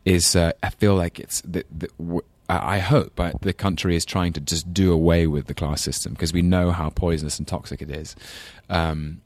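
A man's voice: deep voice, steady tone, moderate pace, hardly any pauses, no echo. A man with an English London accent, a guest in a casual interview, talking thoughtfully and rambling, often laughing at himself. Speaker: actor guest.

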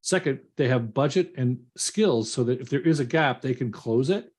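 Guy cohosting a business podcast, average pitch, dry jokes, explains stuff. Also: animated, normal speed, a little mellow, slightly rough. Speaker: podcast co-host.

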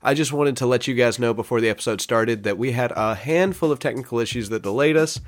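A man hosting a podcast in a loose, chatty way. He speaks at an ordinary middle pitch and leans on "like" and "you know" as he thinks aloud. The tone is casual and unscripted. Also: fast talker. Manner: relaxed, chatty, lots of "like". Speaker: podcast host.

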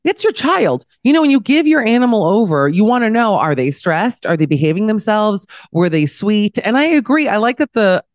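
A woman comedian guests on a casual podcast, telling quick funny stories with a very expressive voice that swoops up and down. Her delivery is lively and full of comic asides. The recording is dry and close. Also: mid-range voice, no echo.

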